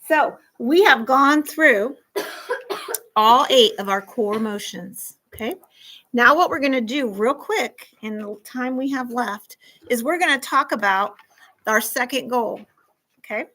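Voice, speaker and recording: Lively woman teaching fourth graders. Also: on the high side, a little slow, poor audio. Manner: animated, acts out scenarios, asks the class questions. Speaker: school counselor teaching a class. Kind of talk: classroom lesson to fourth graders.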